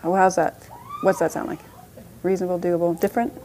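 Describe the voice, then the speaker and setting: A woman's voice: fairly low pitch, brisk, dark tone, slight background noise. Woman teaching a meditation-based parenting class. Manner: conversational, with frequent restarts and light laughs.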